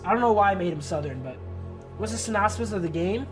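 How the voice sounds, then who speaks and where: A man's voice: high voice, lively intonation, fast talker. Rambling streamer man over game music. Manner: loose, rambling, casual asides to viewers. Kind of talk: live game stream commentary and reading aloud. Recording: game music playing behind.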